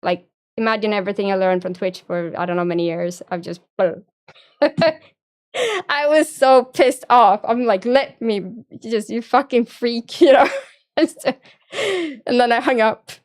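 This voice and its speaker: A young woman talks casually as a streamer. She rambles through a story with frequent swearing and quick laughs. Her voice sits a bit high and sounds smooth and clear. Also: expressive. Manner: rambling, profane, laughs often.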